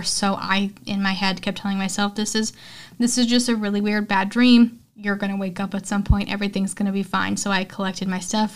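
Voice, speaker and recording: A young adult woman with a medium-pitched voice hosts a podcast, recapping a film. She's chatty, candid and heartfelt, often saying "um" and "like."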